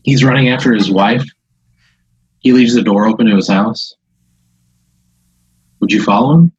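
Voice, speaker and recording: A man's voice: medium pitch, normal speed, husky, dull audio. A man hosting a casual chat, spinning an improvised story full of quoted voices and laughter. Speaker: host.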